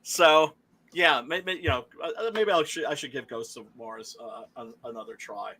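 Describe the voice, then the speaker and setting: Animated, bright-voiced man in casual chat. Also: medium pitch, moderate pace. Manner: animated, profane, laughing storyteller with many fillers. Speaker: podcast host. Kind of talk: casual chat about horror movies.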